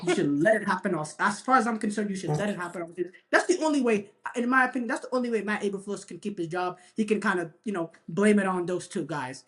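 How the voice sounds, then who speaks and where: A man's voice: high voice, fast, hardly any pauses, a bit bright. A man co-hosting a sports talk show, making a long emphatic point and leaning on "you know" as he argues. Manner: emphatic, repeats himself, lots of "you know". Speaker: sports podcast co-host. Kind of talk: casual sports debate.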